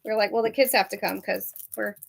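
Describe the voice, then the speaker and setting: A woman's voice: mid-range voice, fairly even intonation, fast talker, creaky, slightly rough. A woman co-hosting a casual podcast, chatty and scattered, often interrupting herself and laughing. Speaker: podcast co-host.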